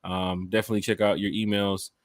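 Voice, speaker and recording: A man's voice: lowish voice, little pitch movement, fast talker, no room sound. A man hosting a casual fan podcast, talking straight to listeners in a loose, upbeat, slangy way. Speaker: podcast host and fan club organizer. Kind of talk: casual chat.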